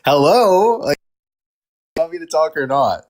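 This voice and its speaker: A man's voice: on the high side, animated, measured pace, darkish tone. A man from Canada, a guest on a live-stream debate, self-assured and defiant, talking over others on an online call.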